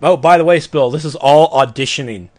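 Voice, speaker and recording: A man's voice: a little high, brisk, a little mellow. A man hosting a podcast in casual chat, playful and laughing often. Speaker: podcast host.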